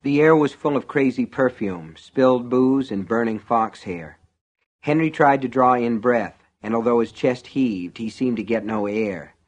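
A man reading an audiobook in measured, vivid narration. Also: mid-range voice, muffled recording. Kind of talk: scripted narration.

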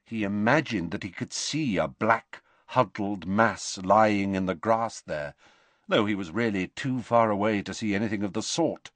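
A man reading a novel aloud as an audiobook narrator, in an expressive, measured style. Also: lowish voice, no echo. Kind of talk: scripted narration.

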